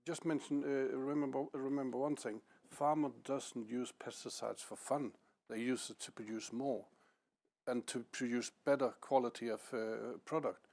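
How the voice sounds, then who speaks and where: A man speaking on a panel for farmers and cooperatives, halting and often restarting or repeating his words. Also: medium pitch, fairly even intonation, gravelly, darkish tone. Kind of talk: panel discussion.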